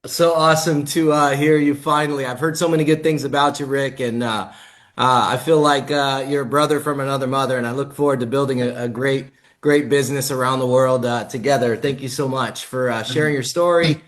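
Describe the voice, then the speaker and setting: Man, mid-pitched voice, call host, relaxed, lots of uh fillers, video call. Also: brisk. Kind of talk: casual chat on a live call.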